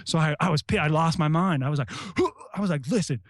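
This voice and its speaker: A middle-aged American man, a retired Army Ranger, telling stories in casual talk, animated and profane, shouting out the lines he quotes. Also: fairly high pitch, brisk, no room sound, clean studio sound. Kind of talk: casual storytelling.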